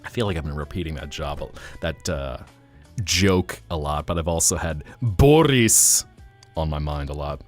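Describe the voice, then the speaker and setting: A man hosting a live stream, chatting casually in an animated, rambling, jokey way. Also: rumbling low, moderate pace, no room sound, faint music behind.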